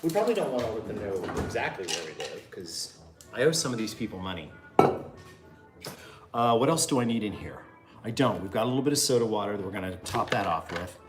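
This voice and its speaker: A man's voice: lowish voice, big pitch swings, fast, over loud music. A man hosting a casual home cocktail show from his kitchen, joking and rambling with lots of fillers. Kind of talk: casual cooking chat.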